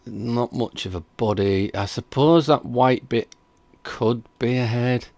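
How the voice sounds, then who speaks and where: A man's voice: mid-range voice, takes it slowly, a little mellow, no echo. A man hosting a reaction stream, chatting casually and skeptically while reading out viewer comments. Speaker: reaction video host.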